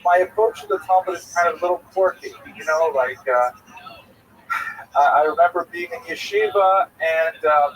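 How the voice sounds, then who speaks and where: A middle-aged rabbi teaching a Talmud class tells a personal story, rambling through it with lots of fillers and restarts. He sounds a little flustered after rushing in, and his voice is slightly high and fairly bright. The mic is distant, with faint noise.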